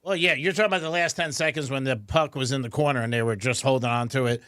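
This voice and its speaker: A man's voice: mid-range voice, quick pace, no room sound, studio quality. A man hosting a radio talk show, joking and laughing often in casual banter. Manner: jokey, laughs often, lively.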